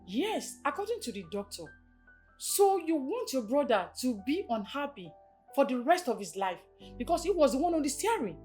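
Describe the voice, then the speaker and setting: A woman's voice: sits high, very animated, moderate pace, a little mellow, faint music behind. An actress with a Nigerian accent playing a blunt young friend who scolds her. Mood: firm. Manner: scolding, preachy. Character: frank young female friend, scolding and honest.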